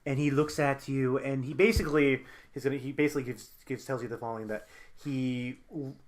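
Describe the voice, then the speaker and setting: Man, game master, tabletop narration, mid-pitched, casual. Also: steady tone, fairly quick. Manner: narrates actions, slips into character quotes.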